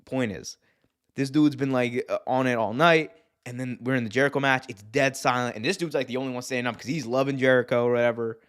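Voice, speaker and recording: A man's voice: medium pitch, fairly even intonation, a bit bright. Loose, rambling male stream host. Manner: loose, rambling, profane, quick to laugh. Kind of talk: live-stream wrestling chat.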